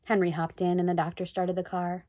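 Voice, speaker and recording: A woman reading a children's chapter book aloud in an expressive read-aloud manner. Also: on the low side, a little fast. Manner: expressive, sing-song read-aloud delivery. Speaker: storybook reader.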